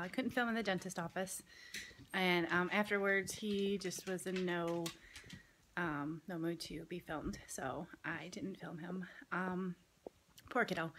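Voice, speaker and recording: A woman's voice: mid-range voice, fairly bright tone. Woman vlogger, chatty family-channel mom, rambling storytelling with ums, faint hiss behind. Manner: chatty storytelling with many fillers. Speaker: vlogger, mother. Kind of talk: casual family vlog chat. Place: home, partly outdoors in a yard.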